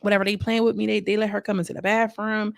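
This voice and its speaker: A woman's voice: mid-range voice, flat delivery, fast, vocal fry, no room sound, clean studio sound. A young woman recapping a reality TV episode in a chatty, slang-filled way, acting out what people said. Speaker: reality TV reviewer.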